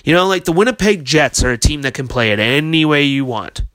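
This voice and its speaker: A man in the middle of a heated podcast rant, swearing freely and pressing his points hard. His voice is bright and sits a little high. The sound is dry and close, with no room around it. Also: animated, a little fast, dry recording. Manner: heated, profane, ranting. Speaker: podcast host. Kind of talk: casual hockey podcast rant.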